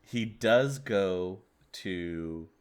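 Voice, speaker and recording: A man's voice: low-pitched, extremely slow, clear, resonant tone. A man hosting a casual podcast, relaying game lore details between laughs. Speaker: game master and host.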